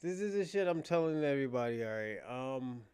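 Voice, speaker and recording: A man's voice: medium pitch, animated, a little fast, darkish tone, clear, resonant tone. A man co-hosting a call-in show, commenting in a laid-back, rambling way. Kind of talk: casual commentary.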